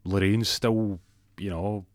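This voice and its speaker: A Scottish man spinning a comic yarn, his voice deep and low. He rambles, swears and trips over his own words, recorded dry and close. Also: fairly even intonation, takes it slowly, no room sound. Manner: rambling, profane, self-interrupting. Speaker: storyteller. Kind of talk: comic storytelling.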